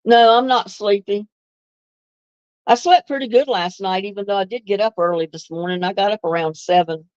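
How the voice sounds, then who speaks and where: A woman's voice: medium pitch, normal speed, darkish tone, no echo, highs cut off. A woman hosts a casual live stream, chatting easily with viewers and laughing often. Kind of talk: casual live chat answering viewer comments.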